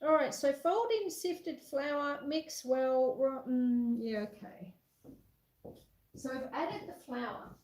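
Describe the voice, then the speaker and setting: A woman's voice: high voice, takes it slowly, darkish tone, echoey room, poor audio. An Australian woman hosting a casual live-stream baking chat from her home kitchen. She is chatty and self-deprecating, and she reads viewers' messages aloud while she cooks.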